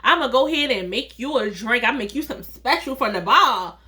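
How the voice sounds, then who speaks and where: A woman's voice: fairly high pitch, animated, brisk, sharp tone. A woman putting on a flirty male waiter. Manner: smooth, fawning, calls her sweetheart.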